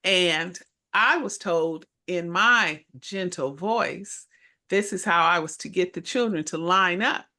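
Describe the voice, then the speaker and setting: A middle-aged woman telling stories with a bright, forceful tone. She co-hosts a casual chat and acts out the people in her stories with lively character voices. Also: fairly low pitch, takes it slowly. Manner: animated storyteller who acts out voices. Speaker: co-host and minister.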